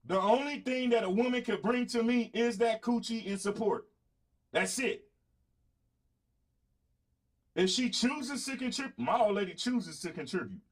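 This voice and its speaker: A man's voice: extremely high pitch, normal speed. A middle-aged man with a Southern US accent, hosting his own show in a blunt, boastful, profane monologue aimed at his audience. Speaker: podcast host. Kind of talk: blunt casual monologue to viewers.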